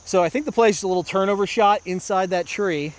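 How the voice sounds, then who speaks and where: Talking fast in a high-pitched voice, this American man chats with viewers while playing disc golf on an outdoor park course. It's a casual vlog where he narrates his own round play by play.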